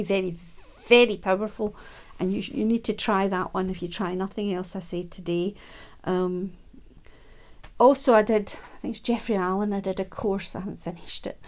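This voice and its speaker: Soft-spoken woman, self-help talk. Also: medium pitch. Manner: soft, unhurried, with many ums and quiet laughs.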